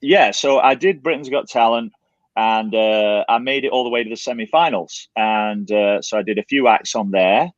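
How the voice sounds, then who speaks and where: Animated English man in his forties. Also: on the low side, normal speed, dry recording, muffled recording. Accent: English, Yorkshire-born, with a slight Canadian twang. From England. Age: 40s. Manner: chatty, animated storyteller with many restarts. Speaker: guest. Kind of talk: casual livestream chat.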